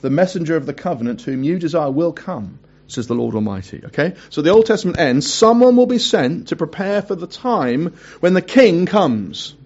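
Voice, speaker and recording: A man with a slightly high voice gives a sermon on a muffled, lo-fi recording. He reads scripture passages aloud and drops into chatty asides and quick corrections between them. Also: sing-song, a little mellow. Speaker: preacher.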